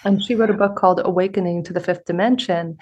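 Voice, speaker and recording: A woman hosting a spiritual interview podcast, telling stories in an earnest, animated way. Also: fairly low pitch, fast, breathy edge. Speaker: podcast host. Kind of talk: conversational interview with storytelling.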